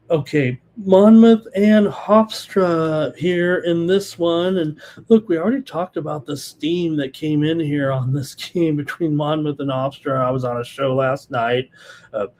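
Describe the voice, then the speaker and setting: Fast-talking male betting show host. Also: fairly high pitch, darkish tone. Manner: fast-talking, many fillers like uh and you know. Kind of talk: live betting analysis, reading chat comments.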